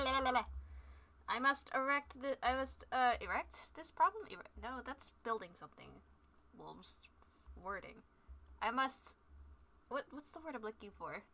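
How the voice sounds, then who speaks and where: A woman's voice: on the high side, lively intonation, moderate pace, pauses often, pushed and bright. A woman streaming a game, chatting casually in a bubbly, scatterbrained way and joking at herself. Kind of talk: casual live-stream chat.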